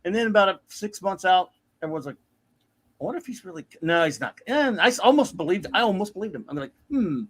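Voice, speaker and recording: A man's voice: sits high, lively intonation, fast talker, slightly rough. A man hosting a casual pop-culture chat, ranting animatedly and mocking other people's voices. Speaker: podcast host.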